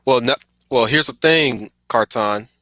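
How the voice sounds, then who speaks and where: A man streaming casual, digressive commentary; he gets excited, laughs often and apologizes for getting sidetracked. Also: mid-range voice, measured pace, dry recording.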